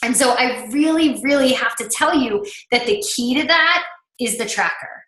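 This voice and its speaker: A bright, forceful woman in her thirties coaches other coaches in a chatty, emphatic way, and her talk is full of "like". Her voice sits a little high, and it rings in an echoey room. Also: animated, moderate pace. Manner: chatty and emphatic, heavy use of "like". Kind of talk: coaching presentation.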